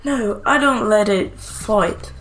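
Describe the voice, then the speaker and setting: A woman's voice: medium pitch, slow pace, a bit bright, soft background music, rough recording. A woman doing a prim accented gambler. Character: genteel female gambler fond of her pet.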